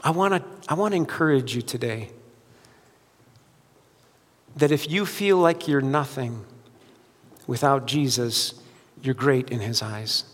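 A man preaching a sermon as pastor, swinging between loud urgent preaching and quiet, soft-spoken appeals. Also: mid-range voice, unhurried, pauses often, big-room sound.

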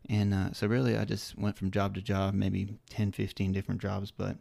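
A man with a gravelly, dark voice and a slight Southern American accent, co-hosting a casual podcast. He rambles through his thoughts with plenty of fillers, and his delivery is fairly flat, recorded close and dry. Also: fairly low pitch, moderate pace, no echo. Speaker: podcast co-host.

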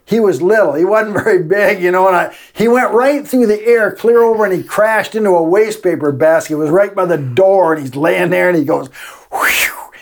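A man's voice: high voice, a little fast, few pauses. Folksy older man. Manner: folksy, laughing as he tells old stories. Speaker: retired teacher. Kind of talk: storytelling in a casual interview.

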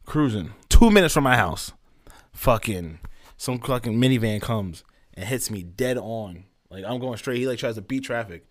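A young man spinning a story on a casual podcast, loose and full of slang and swearing. His pitch sits at an ordinary middle level, and he keeps circling back with fillers as he talks. The delivery stays relaxed and conversational. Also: moderate pace. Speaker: podcast co-host.

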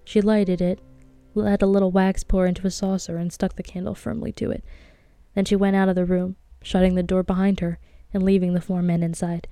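A woman reading a novel aloud, with a tense, hushed delivery of the characters' inner thoughts. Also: on the low side, little pitch movement, fairly quick, clear, resonant tone, dry recording, soft background music. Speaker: audiobook reader.

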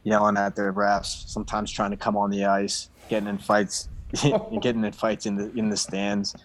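A man who plays hockey, talking in a casual chat, halting with lots of fillers. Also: lowish voice, flat delivery, poor audio. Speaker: guest, hockey player.

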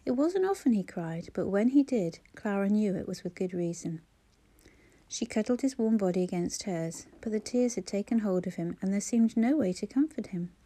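A woman narrates a novel in a measured, even storytelling voice. Her tone is mellow and dark, never sharp. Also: mid-range voice. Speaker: audiobook narrator. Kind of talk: scripted narration.

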